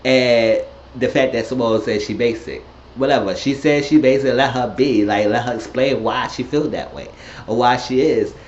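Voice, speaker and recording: A man casually recapping a reality show, animated and profane, often jumping into high shrieky voices for quoted lines. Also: normal speed. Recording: roomy, dull lo-fi audio with faint hiss.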